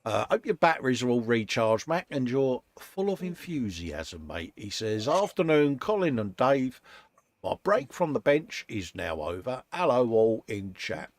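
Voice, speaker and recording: A British man chats on a hobby live stream with a gravelly voice that rises and falls a lot. He reads viewer messages aloud, calls everyone mate and laughs easily, recorded dry and close. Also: medium pitch, sing-song, a little slow, no echo. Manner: chatty, calls people mate, laughs often. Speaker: co-host of a model-making live stream. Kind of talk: casual chat, reading out viewer comments.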